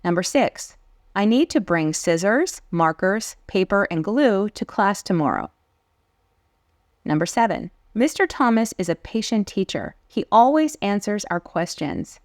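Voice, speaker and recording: Clear, patient woman teaching English. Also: medium pitch, very animated, unhurried, no room sound, studio quality. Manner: clear, patient explaining with read-aloud examples. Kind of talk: online grammar lesson.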